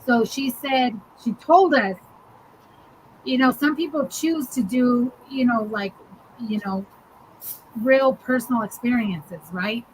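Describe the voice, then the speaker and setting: Chatty woman telling a story, slightly high voice. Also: slow, a little hiss or hum, low-quality recording. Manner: laughing storyteller, says "dude" and "like" a lot. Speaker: podcast co-host. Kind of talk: casual chat, storytelling.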